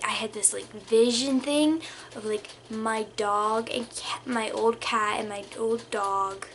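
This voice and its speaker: Gravelly yet on the high side, a young woman's voice carries a casual, rambling storytime vlog, heavy on "like" and slipping into whispers at times. There's a bit of background noise.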